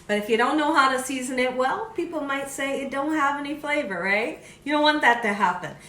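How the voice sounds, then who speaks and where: A woman's voice: sits high, fairly quick, a bit bright. A woman hosting a cooking channel, chatting and encouraging viewers through a casual cooking demonstration in her home kitchen. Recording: echoey kitchen with faint ambience.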